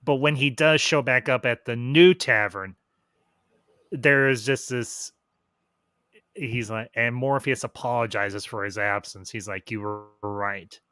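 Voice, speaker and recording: Bright, dry-sounding male review host. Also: medium pitch, measured pace, no echo. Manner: rambling, restarts and trails off while recalling details. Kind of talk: casual review chat.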